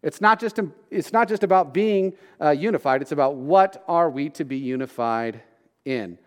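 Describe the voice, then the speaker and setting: A man's voice: a little high, moderate pace, big-room sound. A man in his thirties preaching a sermon in a conversational, joking way, often asking his listeners questions. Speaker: pastor.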